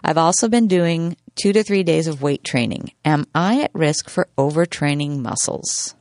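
A woman's voice: low-pitched, moderate pace, darkish tone, dry recording, studio quality. A woman co-host reading listener questions aloud in a playful, casual podcast chat.

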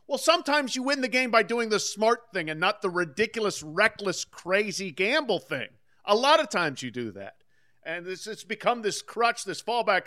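A man's voice: sits high, pushed and bright. A man co-hosting a sports podcast who delivers a fired-up, sarcastic rant in casual chat.

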